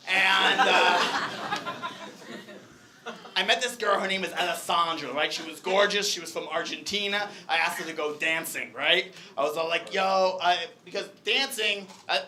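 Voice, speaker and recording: A young man performing a stand-up comedy set, telling a story with animated energy and shouted punchlines. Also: high-pitched, normal speed. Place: comedy club stage. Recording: live crowd audible. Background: audience laughter.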